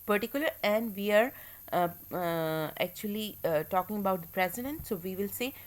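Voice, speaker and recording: A woman teacher giving a recorded English grammar lecture, explaining step by step with frequent pauses and fillers. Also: mid-range voice, expressive. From Pakistan.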